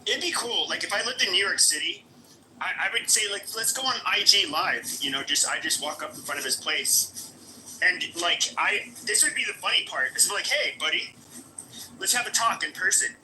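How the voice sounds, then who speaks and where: A man hosts a casual live stream, crude and mocking as he rambles and restarts his sentences. His voice sits high and sounds very bright. A faint hiss of noise lies under it. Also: lively intonation, moderate pace, poor audio.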